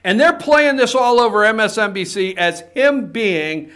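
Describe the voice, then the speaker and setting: Fired-up man with a very high, bright voice. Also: moderate pace. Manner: fired-up, rambling, emphatic, swears for emphasis. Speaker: political talk show host. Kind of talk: opinionated political commentary. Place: TV talk show studio.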